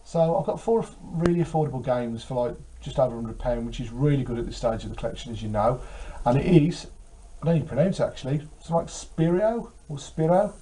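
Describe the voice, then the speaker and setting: A man's voice: mid-range voice, fast, warm tone, slight background noise, poor audio. A tired man chatting casually about his game collection, rambling with many fillers. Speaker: retro game collector vlogger. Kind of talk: casual chat.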